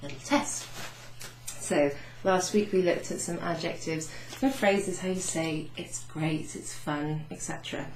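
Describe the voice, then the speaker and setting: A woman French teacher recapping a beginners' lesson, chatty, saying French phrases slowly with teacherly emphasis. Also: lowish voice. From Wales. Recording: echoey room with faint noise.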